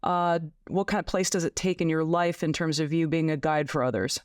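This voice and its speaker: A woman's voice: low-pitched, a little fast, clear, resonant tone, no room sound, clean studio sound. A woman hosting a podcast, asking long questions with small restarts. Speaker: podcast host. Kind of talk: interview questions.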